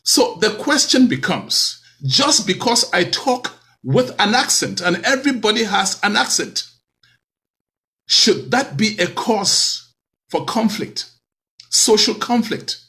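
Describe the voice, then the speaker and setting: A man hosting a talk show, speaking in a lively, preacherly way with many rhetorical questions. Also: high voice, takes it slowly. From Cameroon.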